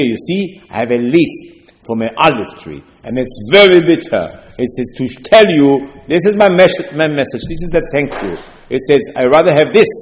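A man with preaching a sermon, telling stories with asides and rhetorical questions. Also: mid-range voice. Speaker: rabbi. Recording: long hall reverb.

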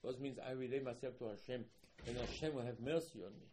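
Man preaching with sudden loud bursts. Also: mid-range voice, fairly even intonation, fast, noisy background. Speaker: religious teacher. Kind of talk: Torah class sermon.

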